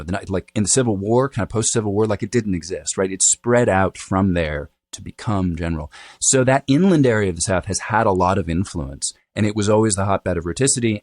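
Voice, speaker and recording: A man's voice: low voice, dry recording. A middle-aged man, a dialect coach, explaining accents in an interview, demonstrating vowel sounds and checking in with "right?" as he goes.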